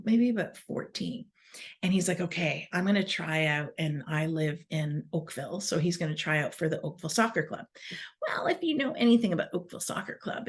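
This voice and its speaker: A woman in her forties telling casual stories. She rambles, laughs mid-sentence and breaks off into asides. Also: fairly low pitch. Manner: self-correcting restarts and asides. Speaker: wellness speaker. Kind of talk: casual storytelling.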